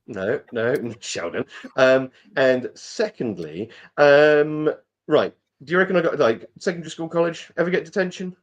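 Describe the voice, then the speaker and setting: A man's voice: a little high, expressive, moderate pace, highs cut off. A British man co-hosting a casual chat show, telling stories in a jokey way and swearing now and then. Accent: British English. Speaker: podcast co-host.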